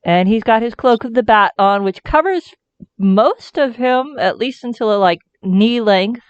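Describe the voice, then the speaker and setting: A woman's voice: on the high side, expressive, measured pace, clear, resonant tone, no echo. A woman playing a tabletop game who explains her character in a thoughtful way. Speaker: player. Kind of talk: casual tabletop game play. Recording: slightly dull lo-fi audio.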